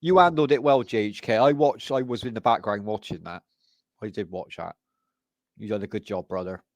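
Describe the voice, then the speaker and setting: A man's voice: lowish voice, normal speed, no echo. A man hosting a casual livestream chat, reassuring his guests and calling them "man" and "brother". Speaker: livestream host.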